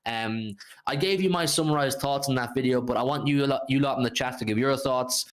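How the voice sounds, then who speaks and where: An Irishman hosting a livestream football chat, animated and swearing freely. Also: mid-range voice, fairly quick. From Ireland. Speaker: podcast host.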